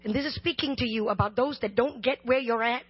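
High-voiced woman preacher, lo-fi sound. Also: brisk, husky. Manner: humorous, impassioned, talks straight to the congregation. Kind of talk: sermon with personal testimony. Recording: dull lo-fi recording.

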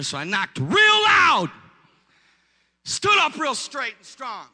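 High, bright-voiced preacher in a reverberant church. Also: male voice, unhurried. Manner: animated, joking, builds to shouting. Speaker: pastor. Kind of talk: storytelling sermon.

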